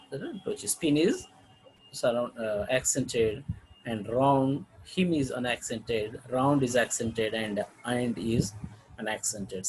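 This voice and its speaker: A man with an Indian English accent teaching a lesson on poetry, reading verse examples aloud and explaining them haltingly, often clearing his throat. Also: medium pitch, a little hiss or hum, low-quality recording. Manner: slow and halting, with frequent fillers and throat clearing. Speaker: literature teacher.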